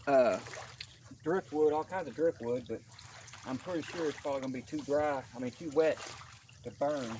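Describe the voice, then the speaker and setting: A man's voice: a little high, normal speed, pauses often, slight background noise. A man, talking casually and folksy to his viewers while camping outdoors by the water. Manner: relaxed, folksy, talks to viewers between bites. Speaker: outdoor vlogger. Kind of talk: casual outdoor vlog talk.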